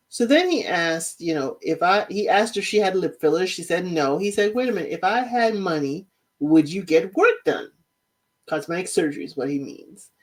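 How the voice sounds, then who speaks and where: Casting: woman with a lowish voice and lively swings in pitch, sassy reality recapper who acts out the quotes. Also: moderate pace. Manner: chatty, sassy, quotes people in animated voices. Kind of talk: casual spoken recap.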